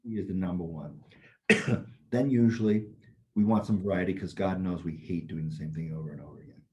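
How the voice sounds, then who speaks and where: A man's voice: low voice, a little fast, dark tone, dull audio. A man co-hosting a casual podcast as a Taoist teacher, talking bluntly, swearing freely and telling stories with energy. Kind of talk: casual chat.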